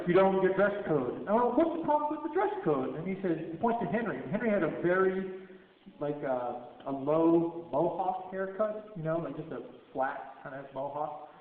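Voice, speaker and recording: A man tells a story to a live audience and acts out each exchange in lively voices. His voice sits high for a man. The sound is thin and phone-like, with heavy room echo and a long reverb tail. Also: moderate pace. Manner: animated storyteller acting out dialogue. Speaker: speaker at a Q&A. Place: skate shop. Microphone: cell phone from the audience. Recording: tinny phone recording in an echoey room.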